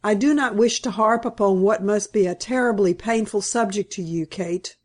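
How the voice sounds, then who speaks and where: A woman reading aloud, voicing a dignified older father who speaks quietly and gravely. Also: mid-range voice, moderate pace, close to an everyday voice.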